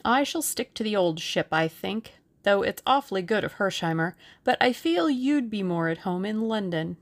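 A woman voicing a brash, eager young Englishman in an audiobook, speaking in forceful, bossy bursts. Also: medium pitch, expressive, moderate pace, natural voice. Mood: teasing. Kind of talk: audiobook character reading.

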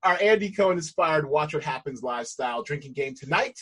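A man's voice: a little high, lively intonation, brisk, a bit bright, husky. A man hosting a podcast, playful and hyped, laughing often as he chats. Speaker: podcast host. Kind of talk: casual chat.

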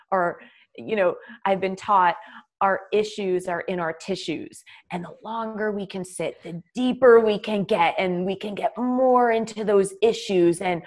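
A woman's voice: medium pitch, a little slow. Chatty woman yoga teacher. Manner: conversational, filler-heavy, acts out dialogue. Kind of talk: casual spoken talk.

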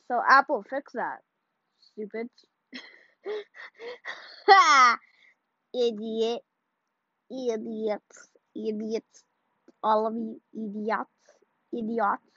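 A woman giving casual, rambling commentary while playing, excitable and mock-ranting. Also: fairly high pitch, dry recording. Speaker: video creator. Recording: dull lo-fi audio.

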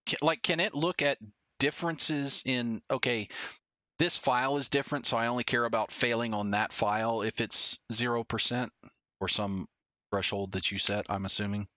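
A man's voice: medium pitch, fairly even intonation, moderate pace, sharp tone, no echo. A man co-hosting a podcast, musing thoughtfully about testing and asking follow-up questions. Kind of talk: casual technical chat.

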